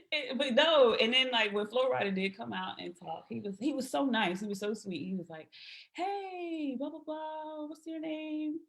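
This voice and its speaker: Woman telling animated anecdotes on a podcast. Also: mid-range voice, normal speed, gravelly. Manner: animated anecdotes acting out quoted voices. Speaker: podcast guest. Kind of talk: casual storytelling.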